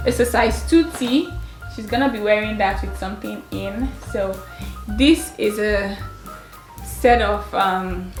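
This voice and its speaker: A young mother, gushing and laughing as she chats through a kids' clothing haul at home. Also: mid-range voice. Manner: chatty and gushing, laughing often. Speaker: mother and vlogger. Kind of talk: casual clothing haul chat. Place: her home. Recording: roomy sound with faint music.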